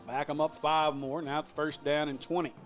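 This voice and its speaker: A man doing play-by-play for a high school football game, joking with his partner and shouting on big plays. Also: level tone, moderate pace. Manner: jokey, laughs often, shouts big plays. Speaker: play-by-play announcer.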